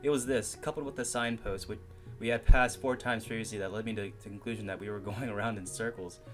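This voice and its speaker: A man reading a visual novel game aloud, with giggly, excitable asides and frequent laughter. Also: fairly low pitch, fast, soft background music.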